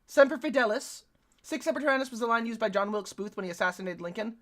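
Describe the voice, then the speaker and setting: Excitable female streamer, bright high voice, chatty and profane. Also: fast. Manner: excitable and talkative, swears freely. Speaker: live streamer reacting to a video. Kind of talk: casual stream reaction.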